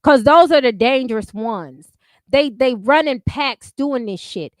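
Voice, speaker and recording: Blunt high-voiced woman ranting. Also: expressive, measured pace, no room sound, clean studio sound. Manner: blunt, heavy profanity, repeats catchphrases. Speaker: commentary streamer host. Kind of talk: unscripted commentary rant.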